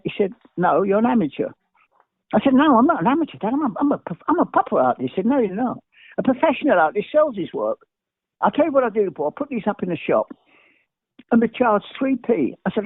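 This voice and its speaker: An older Englishman, appearing as a guest, tells anecdotes in a high-pitched voice at great speed, leaping from one story to the next and stumbling over his words before restarting. The recording is dry with no room sound, like a tinny phone line.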